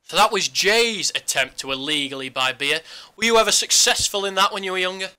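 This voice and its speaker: A man co-hosts a casual sports podcast, his voice very bright and sharp. He teases his partner constantly, pitched a little high. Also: animated, fairly quick, smooth, faint music behind. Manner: teasing, jokey banter. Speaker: podcast co-host.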